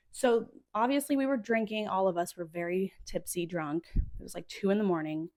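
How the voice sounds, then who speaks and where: A woman's voice: mid-range voice, moderate pace, a little mellow. A woman in her thirties hosting a solo podcast, talking in a rambling, emotionally charged way, full of "like" fillers. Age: 30s. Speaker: podcast host. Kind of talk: casual solo podcast monologue.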